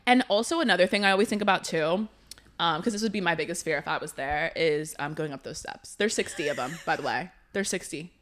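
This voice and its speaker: A young woman hosting a casual podcast chat, telling stories in an animated, chatty way full of "like". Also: fairly low pitch, quick pace. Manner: chatty, animated storytelling with lots of "like". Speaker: podcast host.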